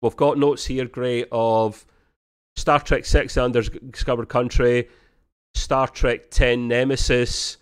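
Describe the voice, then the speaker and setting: A man co-hosting a casual review podcast, rambling with many ums and acting out quotes in high voices. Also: level tone, takes it slowly, clean tone. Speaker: podcast co-host.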